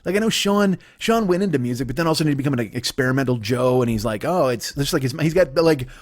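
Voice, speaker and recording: A man's voice: medium pitch, lively intonation, quick pace. Profane rambling man in his forties. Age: 40s. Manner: profane rambling with mocking put-on voices. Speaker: comedian host. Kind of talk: solo comedy podcast rant.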